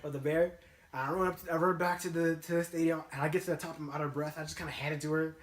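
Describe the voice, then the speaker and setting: A young man with a fairly high voice tells a story in loose, slangy casual chat and laughs often. His voice carries a roomy echo. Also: steady tone, very fast. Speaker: guest storyteller.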